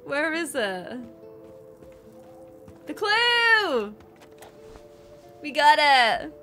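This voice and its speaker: A woman's voice: high-pitched, sing-song, extremely slow, bright, forceful tone, soft background music. A young woman giggling and thinking aloud as she plays a story game, thanking her viewers along the way. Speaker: gaming streamer. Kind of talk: let's play commentary.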